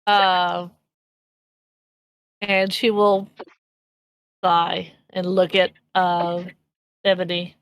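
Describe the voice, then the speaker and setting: A woman's voice: on the low side, flat delivery, drawn-out words, long pauses, clear, resonant tone, no echo, low-quality recording. A woman playing a tabletop role-playing game over voice chat, describing her character's actions with many fillers and restarts. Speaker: player.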